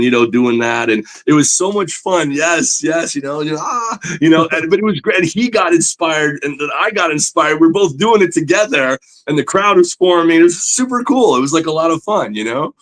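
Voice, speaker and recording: A man's voice: on the high side, fairly quick, few pauses. Enthusiastic man telling stories. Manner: enthusiastic, animated, many fillers. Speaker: guest, comic book artist. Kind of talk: casual interview storytelling.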